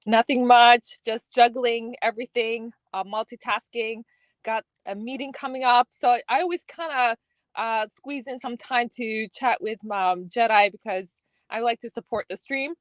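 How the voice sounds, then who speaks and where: A woman guest on a casual live panel stream, talking in a relaxed way with fillers. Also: a little high, normal speed, dry recording.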